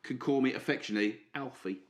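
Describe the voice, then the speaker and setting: A man's voice: medium pitch, fast talker. A man co-hosting a podcast in casual comedic chat, playful and mock-clueless. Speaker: podcast co-host.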